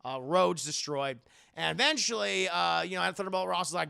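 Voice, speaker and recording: A man's voice: sits high, normal speed, gravelly, clear, resonant tone. A man casually recapping a movie to his live chat, sarcastic and profane. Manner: sarcastic, profane, lively storytelling. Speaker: movie reviewer, streamer. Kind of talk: casual spoiler review chatting to a live chat.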